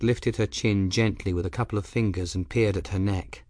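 Audiobook narrator: a man with a low voice, even and measured, in a dry recording. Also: no room sound. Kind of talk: scripted narration.

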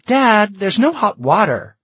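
A man voicing an exasperated teenage girl who complains in a shrill, high voice. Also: measured pace, a bit bright, no room sound.

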